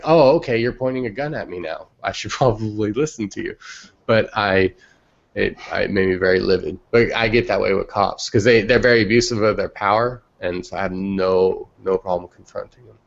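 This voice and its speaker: Young guy with a gravelly lowish voice, muffled lo-fi call audio, blunt and sweary storytelling. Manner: blunt, profane and heated when telling stories. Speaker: podcast co-host. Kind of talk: casual storytelling. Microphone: remote call microphone.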